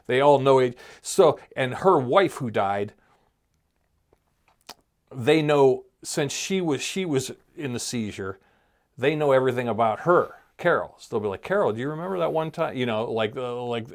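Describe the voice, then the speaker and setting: A man's voice: mid-range voice, expressive, measured pace. A man co-hosting a casual podcast chat, rambling as he retells a show's plot in quoted voices. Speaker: podcast co-host.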